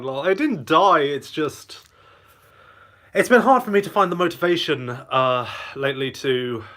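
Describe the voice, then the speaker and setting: A man's voice: mid-range voice, fairly bright tone. A man hosting a casual live Q&A, reading chat aloud and rambling between bites of lunch. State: eating lunch while talking. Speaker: channel host.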